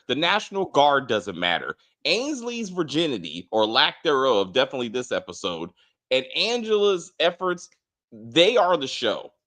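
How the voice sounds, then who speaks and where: A man's voice: a little high, sharp tone. A man co-hosting a casual TV spoiler review, ranting emphatically with plenty of profanity. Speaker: co-host of a TV review show.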